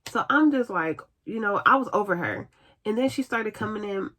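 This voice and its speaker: A woman's voice: mid-range voice, normal speed. Chatty woman telling a storytime vlog. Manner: chatty and animated, acting out what others said. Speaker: vlogger telling a personal story.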